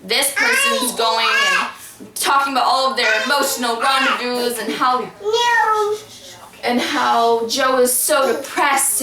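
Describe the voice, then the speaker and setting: Bright-voiced young woman, rambling. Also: fairly high pitch, animated, measured pace. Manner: rambling, many restarts and fillers. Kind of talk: casual storytelling. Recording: echoey room, from far off.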